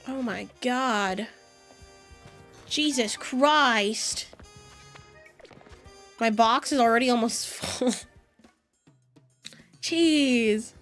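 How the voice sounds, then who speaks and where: A young woman chatting on a live stream, her voice high and bright. She sounds excitable and swears freely, and faint music plays behind her. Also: very slow, long pauses. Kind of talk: casual live-stream chat.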